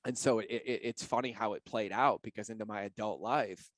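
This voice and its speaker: A man with a fairly low voice talks candidly as a podcast guest, earnest and open about his own life. The sound is dry and close, with no room around him. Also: steady tone, fairly quick, no room sound. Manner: earnest and open, sharing personal stories with feeling. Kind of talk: candid interview talk.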